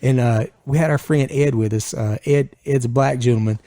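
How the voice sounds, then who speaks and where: A man co-hosting a podcast, telling a long, animated story. His voice jumps up whenever he quotes himself. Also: mid-range voice, normal speed, no echo, studio quality. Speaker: podcast co-host. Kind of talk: casual storytelling chat.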